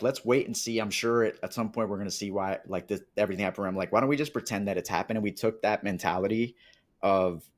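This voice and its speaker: A man from Colombia with a fairly low voice talks through his past as a podcast guest. He is animated and slips into the voices of people he quotes. The tone is casual and conversational. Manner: animated, acts out quoted dialogue. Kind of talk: casual interview storytelling.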